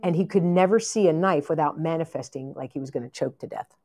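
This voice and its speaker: A woman preacher telling a long story in a sermon, animated, acting out the voices of the people in it and often laughing. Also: low-pitched, quick pace. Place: conference hall.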